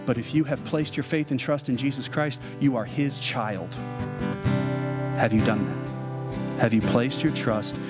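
A man's voice: medium pitch, a little slow. A man preaching a sermon as pastor, earnestly pleading with his listeners through repeated direct questions during a church service. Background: soft guitar music.

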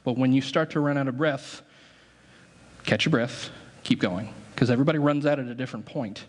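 Speaking briskly in a medium-pitched voice, a pastor directs a group singing exercise in a church sanctuary as part of his sermon. He keeps it playful, joking with the crowd as he guides them.

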